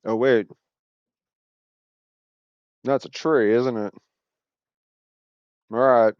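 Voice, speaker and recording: A man with a smooth, resonant voice talks in a loose, meandering monologue, often breaking off mid-thought with wry asides. The sound is dry and close, with no room around it, and the recording is dull and lo-fi. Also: mid-range voice, steady tone, extremely slow, no room sound. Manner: meandering, self-interrupting, wry. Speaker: video host. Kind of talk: casual rambling monologue.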